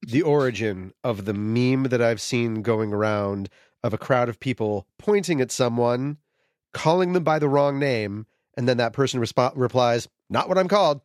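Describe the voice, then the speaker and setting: A man's voice: medium pitch, moderate pace, no room sound, studio quality. A man co-hosting a podcast, talking casually and animatedly, acting out little quotes. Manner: lively, animated, acts out quotes. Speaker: podcast co-host. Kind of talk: casual chat.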